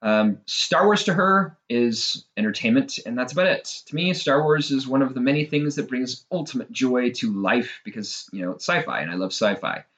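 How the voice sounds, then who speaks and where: Self-deprecating man, lively, lo-fi sound. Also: mid-range voice, normal speed, hardly any pauses. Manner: conversational and self-deprecating, with frequent fillers. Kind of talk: casual monologue. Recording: dull lo-fi recording.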